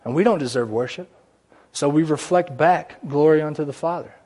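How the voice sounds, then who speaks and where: A man preaches to his congregation in a loose, conversational way. His voice sits a little high, and he breaks off now and then for small jokes and side comments. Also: fairly quick, mellow. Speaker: pastor. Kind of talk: sermon. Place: church sanctuary.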